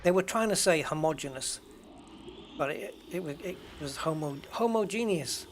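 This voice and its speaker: A man's voice: on the high side, a little fast, a little hiss or hum. A British man streaming a game, chatting casually with his viewers in a rambling way and often correcting himself. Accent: British English. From United Kingdom. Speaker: game streamer answering chat. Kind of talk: casual chat while gaming.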